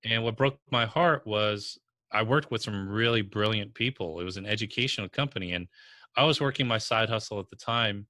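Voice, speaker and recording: Speaking a bit fast in a lower register, this man has a New York-area accent and comes from New Jersey or New York. He's a business coach in a podcast interview, telling stories bluntly and energetically with strong language, captured in a dry recording.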